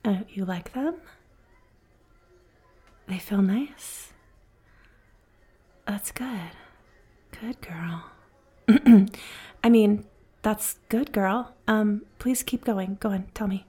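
A woman voicing a flirty, caring female bartender in a whispered role-play, speaking softly, slowly and soothingly, with a teasing edge. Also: mid-range voice. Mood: tender. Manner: soft, slow, soothing, teasing.

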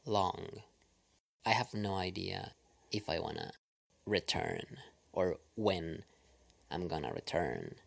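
A man with a Spanish accent whose first language is Spanish, an audio creator talking in a casual, reflective monologue, hesitant and full of pauses, sometimes dropping to a near-whisper. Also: sits low, vocal fry. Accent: Spanish-speaking.

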